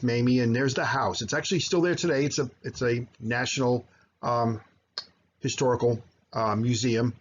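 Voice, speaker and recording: A man teaching high school history over slides, explaining at length with frequent fillers and self-corrections. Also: dull audio, slight background noise. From United States. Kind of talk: recorded slideshow lecture.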